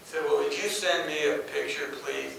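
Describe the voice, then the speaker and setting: A man's voice: fairly high pitch, wildly swooping pitch, moderate pace, creaky, fairly bright tone, slight background noise. A man giving a folksy, anecdotal motivational talk, acting out the voices in his stories. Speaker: speaker. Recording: echoey hall, mic far off.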